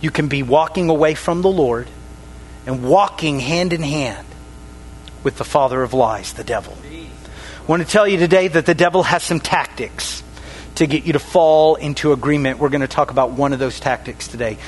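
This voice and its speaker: A man preaching a sermon to a congregation, pausing dramatically, dropping his voice on key words and calling for responses. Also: a little hiss or hum. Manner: dramatic pauses, drops voice low on key words.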